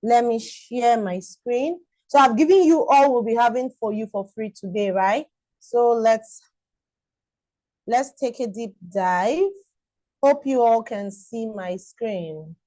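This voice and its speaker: A woman's voice: a little high, slow pace, warm tone, dry recording, poor audio. A woman teaching a live-streamed online class, enthusiastic and repetitive, greeting viewers by name.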